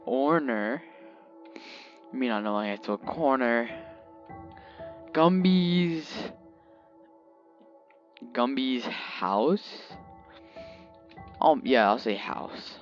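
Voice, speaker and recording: A man's voice: medium pitch, animated, drawn-out words, pauses often, soft background music. A man giving casual, rambling commentary while playing a game, joking around and talking to his in-game pet, on a dull lo-fi mic. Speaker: gamer.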